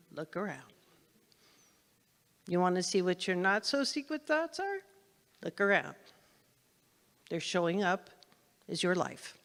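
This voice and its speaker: Woman, minister, spiritual lesson, conversational, repeats for emphasis, long hall echo. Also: lowish voice. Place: spiritual center meeting hall.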